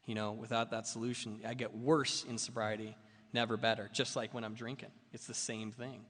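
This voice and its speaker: Male speaker at a meeting, rambling storyteller, bright tone, hall echo. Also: medium pitch, little pitch movement, a little fast. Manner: rambling and self-mocking, many fillers. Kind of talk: personal story told to a meeting. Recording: long reverb of a meeting hall.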